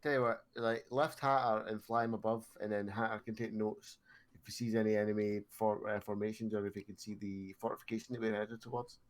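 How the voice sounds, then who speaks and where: A man's voice: fairly low pitch, level tone, brisk. A man playing in a tabletop game, bossy and scheming in his plans. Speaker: player. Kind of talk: casual tabletop play.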